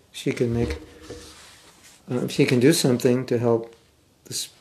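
An older American man with a General American accent giving a scripture class, speaking thoughtfully with some halting restarts and reading passages aloud. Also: mid-range voice, darkish tone, slight background noise. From United States. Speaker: spiritual teacher. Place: class room.

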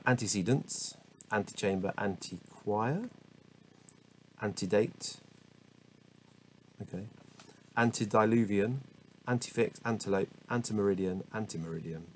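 This rough-sounding clip, captured on a small camera mic with a bit of hiss or hum, has a man with a fairly low voice. He's at home reading out dictionary entries off the cuff, stumbling over difficult words, fixing his errors, and chuckling at himself between asides.

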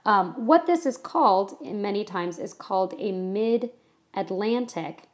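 A woman's voice: mid-range voice, animated, measured pace. A woman from California giving a casual history lecture to a class, chatty and full of ums and you-knows. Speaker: history teacher.

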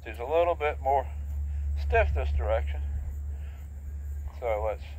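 A man training a horse while riding in an outdoor arena, explaining his technique in a plain, steady, practical way. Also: mid-range voice, a little slow, slight background noise. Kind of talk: instructional talk while riding. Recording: thin phone-like outdoor audio.

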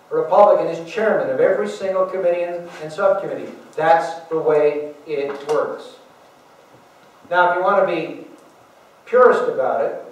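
A man's voice: fairly high pitch, a little hiss or hum. A man giving a political speech to a meeting as guest speaker, emphatic, with rhetorical asides to the audience. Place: large meeting room. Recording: echoey hall, voice from far off.

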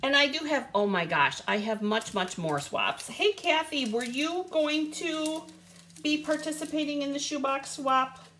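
Woman host, bubbly live stream chat, higher voice with lots of swing, unhurried. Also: slight background noise. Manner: bubbly, chatty, greets viewers by name; lively rising and falling pitch. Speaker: live stream host showing craft supplies.

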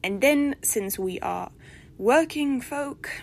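A woman's voice: high-pitched, animated, slow, gravelly, a little hiss or hum, pitched above the performer's own voice, exaggerated voice. A woman voicing the prim, haughty spirit of an old-fashioned lady from a bog body, speaking with formal, peevish diction in a storybook reading. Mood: imperious.

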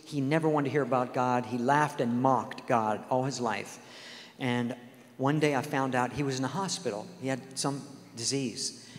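A man's voice: mid-range voice, moderate pace. A man preaching a sermon, telling stories earnestly and acting out the dialogue. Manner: earnest storytelling, acts out quoted dialogue. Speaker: guest speaker. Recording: long hall reverb.

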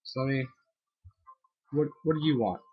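Husky excitable young gamer guy. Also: mid-range voice, moderate pace, lo-fi sound, faint music behind. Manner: excitable, whoops and yells at the game. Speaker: gamer playing a video game. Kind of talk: let's-play commentary.

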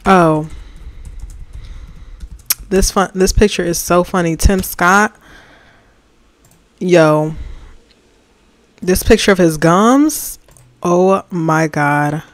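A livestreamer chatting casually while designing, slangy and animated, reading and answering the chat and ranting about opinions. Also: medium pitch, extremely slow, long pauses, no room sound.

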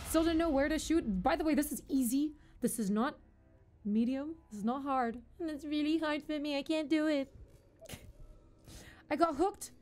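A woman with a high voice streams a game live. She yelps and swears when the action heats up, then settles into chatting with her viewers. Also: normal speed. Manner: excitable, panicky outbursts and swearing; chatty, thanks and talks to viewers. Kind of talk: live gameplay commentary.

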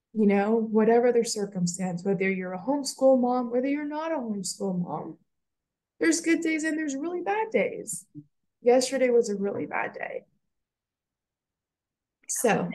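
A woman's voice: on the high side, mellow. Emotional woman telling her story. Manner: halting, repeats words, emotional. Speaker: mother sharing her story. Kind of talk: emotional casual chat.

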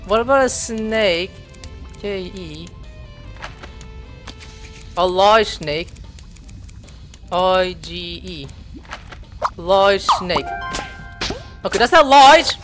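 Young male gamer, unhurried delivery with sudden excited shouts, light music underneath. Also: high-pitched. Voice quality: excitable, reads game text aloud haltingly. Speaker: gameplay streamer. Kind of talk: casual game commentary.

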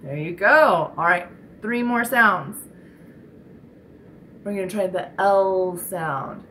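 Slow, gentle woman teaching speech sounds. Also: mid-range voice, slight background noise, poor audio. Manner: encouraging, demonstrating sounds slowly for children. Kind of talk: slow, clear children's speech lesson.

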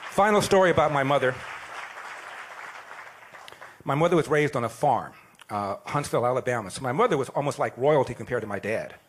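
A man in his sixties giving an animated, plain-spoken storytelling speech. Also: medium pitch, fast talker, slightly rough, some chatter behind. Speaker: speaker at an event.

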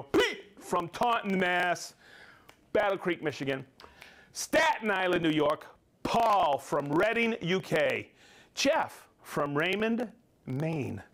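A man's voice: sits high, fairly bright tone. A middle-aged man hosting a live stream, upbeat as he reads out viewer names and hometowns and sometimes stumbles over hard ones. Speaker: livestream host.

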